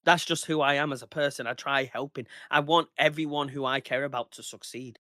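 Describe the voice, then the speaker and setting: Man, thirties, casual podcast rant, heated, swearing, bright forceful tone, dry sound. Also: medium pitch, fairly even intonation, a little fast, dry recording. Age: 30s. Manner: heated, ranting, swears freely. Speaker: podcast guest.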